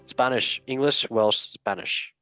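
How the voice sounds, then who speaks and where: A man's voice: medium pitch, takes it slowly, bright, forceful tone, smooth, no echo, faint music behind. A man hosts a football quiz with a loose, jokey energy, laughing and cursing as he reads out the questions. His voice sits in a middle register and sounds dry and close. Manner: playful, jokey, swears and laughs often. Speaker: quiz host. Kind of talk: casual podcast chat.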